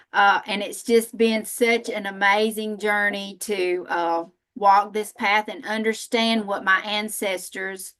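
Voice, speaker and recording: A woman's voice: mid-range voice, a bit bright. Laughing Southern woman from Alabama. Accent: Southern American. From Northern Alabama, USA. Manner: folksy, self-deprecating, laughs often. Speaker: panel speaker, spiritual practitioner. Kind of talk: talk at a live panel.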